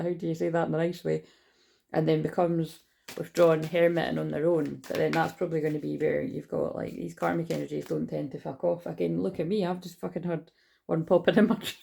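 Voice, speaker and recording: A woman's voice: sits low, gravelly, dark tone. A woman giving a casual, rambling tarot reading, listing card meanings and swearing freely. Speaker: tarot reader.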